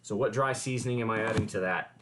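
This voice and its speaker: A man's voice: fairly low pitch, fast, reverberant, background noise. A man hosting a casual cooking livestream, chatty and explaining each step with wry asides, recorded in a home kitchen. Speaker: livestream host.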